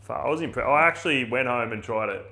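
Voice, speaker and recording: A middle-aged Australian man hosting a podcast in casual chat, excitable, swearing and laughing easily. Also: mid-range voice, fast. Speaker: podcast host.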